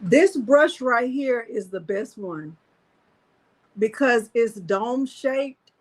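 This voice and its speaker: A woman hosting a live crafting tutorial, talking straight to her viewers in an animated, exclamatory way. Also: a little high, slow.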